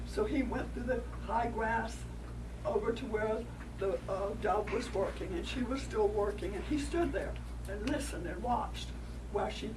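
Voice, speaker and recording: A woman's voice: medium pitch, normal speed. Woman telling stories to kids. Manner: animated, coaxing, interactive with listeners. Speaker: storyteller. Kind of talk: telling a folktale to children. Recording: distant mic, noisy room.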